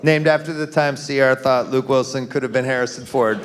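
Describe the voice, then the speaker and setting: A man's voice: mid-range voice, steady tone, fairly quick. A man hosting a live podcast panel on stage, chatting casually, handing out mock awards and calling on his guests. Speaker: podcast host. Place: live stage in a concert venue.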